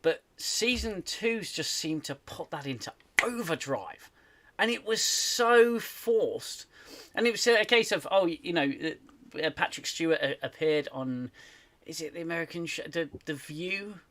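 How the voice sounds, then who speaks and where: A man from the UK hosting a casual live stream chat, animated and ranting, with lots of restarts. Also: a little high, a little slow. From United Kingdom. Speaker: host.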